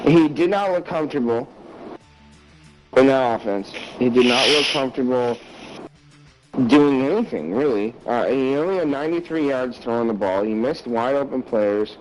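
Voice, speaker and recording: A man's voice: medium pitch, measured pace, long pauses, over music, rough recording. Blunt, swearing man ranting about sports. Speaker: podcast co-host. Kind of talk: casual sports chat.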